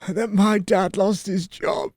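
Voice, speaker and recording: A brash middle-aged comedian bellows a crude tale at the crowd in a strained, high-pitched voice, as a man puts him on. The sound is dry and close. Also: little pitch movement, a little slow, no room sound. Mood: ranting. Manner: loud, raucous storytelling, half-shouting.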